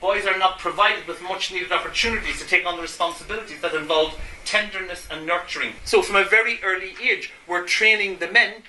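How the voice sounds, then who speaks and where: A man lectures to an audience in an echoey room, with a faint hum of ambience behind him. His voice is very bright and sits a little high. He keeps asking the listeners rhetorical questions and acts out everyday scenes as he teaches. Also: steady tone, fairly quick, few pauses. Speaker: Gestalt therapist giving a talk.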